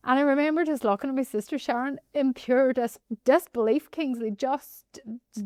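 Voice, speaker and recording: A woman with a Northern Irish accent telling a personal story as a podcast guest, animated and often addressing the host by name. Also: high voice, normal speed, dry recording, studio quality. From Northern Ireland.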